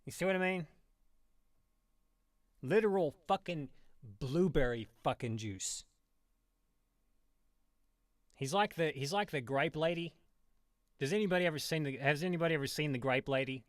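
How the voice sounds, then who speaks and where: Man, streamer, profane ranting commentary, sarcastic, rambling, a touch high-pitched. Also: expressive, normal speed, long pauses, dry recording, clean studio sound.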